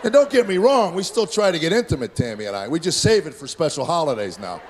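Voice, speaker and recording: A middle-aged man performing a stand-up comedy set on stage, telling family stories with deadpan delivery and acted-out voices. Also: fairly high pitch, fast, slight background noise. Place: comedy stage before live audience. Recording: live show with loud audience.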